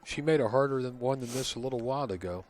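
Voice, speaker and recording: A man giving low, calm play-by-play commentary on a pool match, recorded in a casino event hall. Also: fast.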